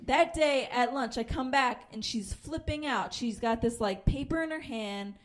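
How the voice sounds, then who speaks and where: A Pennsylvania comedian in her thirties, with a voice on the high side and normal speed, tells an animated story. She swears freely and acts out the voices of the people in it.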